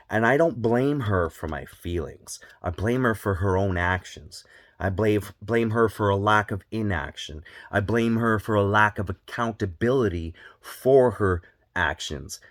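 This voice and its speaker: Low-voiced male vlogger, earnest and repetitive, dry close sound. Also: no echo. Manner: earnest, repeats phrases for emphasis. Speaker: parenting vlogger. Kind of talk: candid personal monologue.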